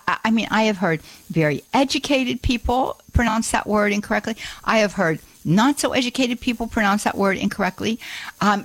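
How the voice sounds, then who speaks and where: A woman's voice: on the high side, dry recording. Upbeat female call-in radio host, chatty with frequent laughs, dry studio mic. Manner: chatty and upbeat, laughs often, repeats phone numbers slowly. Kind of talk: live call-in radio talk. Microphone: studio microphone.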